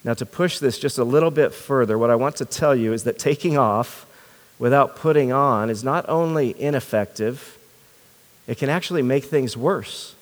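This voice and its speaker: A man's voice: medium pitch, normal speed. Male pastor, sermon delivery, earnest and questioning, repeats words mid-thought, reverberant church hall.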